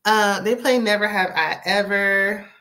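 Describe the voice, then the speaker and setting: A woman's voice: mid-range voice, a little slow. Sassy woman dishing on a reality show episode, chatty and opinionated, lots of side comments. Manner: sassy, chatty, animated asides. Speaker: TV recap host. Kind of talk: casual reality TV recap commentary.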